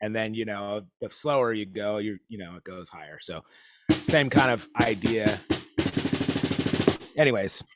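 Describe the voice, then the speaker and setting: A man's voice: lowish voice, unhurried, long pauses, over loud music. A man giving a casual live-streamed drum lesson, rambling and easygoing, with lots of fillers. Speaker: drum teacher.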